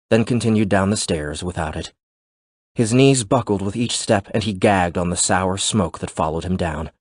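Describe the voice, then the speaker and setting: Brief: male narrator, low voice, steady scripted delivery, dry close sound. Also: no room sound. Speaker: audiobook narrator.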